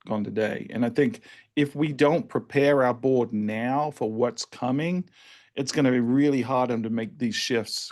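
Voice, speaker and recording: A man hosting a podcast, talking in a relaxed, chatty way with frequent restarts. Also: mid-range voice. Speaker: podcast host. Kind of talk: casual podcast conversation.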